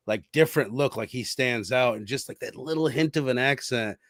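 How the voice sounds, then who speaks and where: Animated man chatting about films, dry sound. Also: medium pitch, brisk, no room sound. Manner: animated, quotes film lines in playful voices. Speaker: podcast co-host. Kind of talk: casual film discussion.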